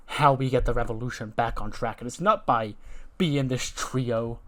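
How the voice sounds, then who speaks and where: A man's voice: medium pitch, a bit bright, close to an everyday voice. A man voicing an arrogant male wrestler who lectures and threatens his losing teammates.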